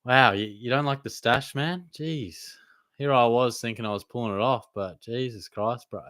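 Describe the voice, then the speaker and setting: A young Australian streamer hosts a casual Q&A, giving laid-back, blokey answers to viewers' fantasy football questions and calling them mate. His pitch is medium, his speed normal, and the audio has no room sound.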